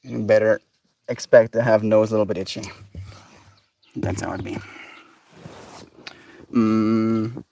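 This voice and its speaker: A man streaming live, chatting casually in a soft, rambling, musing way. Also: lowish voice, fairly even intonation, slow pace, vocal fry, long pauses, recorded from a distance.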